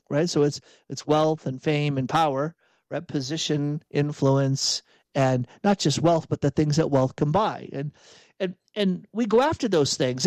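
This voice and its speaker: A man's voice: high-pitched, darkish tone, no echo. Man in reflective spiritual talk, dry sound. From outside Boston, USA. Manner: conversational, repeats and restarts phrases, rhetorical asides. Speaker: podcast host and executive coach.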